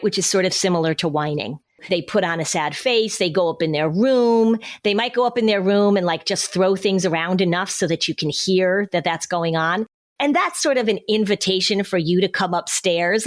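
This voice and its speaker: A woman hosting a podcast, giving parenting advice in a conversational, explanatory way and acting out what a parent might say. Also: fairly low pitch. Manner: explanatory, acts out parent and child lines.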